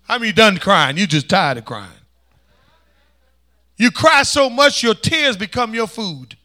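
Male pastor, high voice, call-and-response preaching that swings from loud to hushed. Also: animated, unhurried. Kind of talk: sermon.

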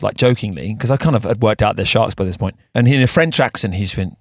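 A man's voice: medium pitch, lively intonation, fast, hardly any pauses, dry recording. Male co-host, casual rambling storyteller, dry close-mic sound. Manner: rambling storyteller with many restarts. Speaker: podcast co-host. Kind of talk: casual chat.

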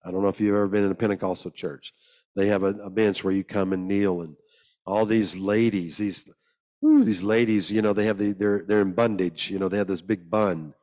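A man's voice: steady tone, brisk, darkish tone. A man preaching a sermon as a storyteller, joking and acting out the people in his tales. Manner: humorous, acts out the people he quotes in higher voices. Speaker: guest preacher. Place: church hall.

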